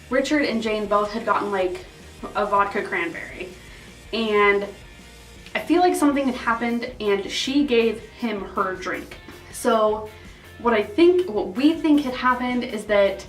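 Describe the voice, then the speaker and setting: A young woman vlogging a casual storytime, animated and full of "like", acting out what people said. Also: fairly high pitch. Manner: animated, quotes people in put-on voices, heavy use of "like". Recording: roomy echo, somewhat far from mic, faint music.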